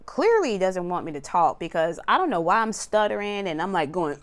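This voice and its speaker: A woman's voice: lowish voice, very animated, fairly quick, few pauses. A woman giving a casual tarot reading, talking bluntly, swearing freely and laughing as she drifts off on tangents. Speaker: tarot card reader.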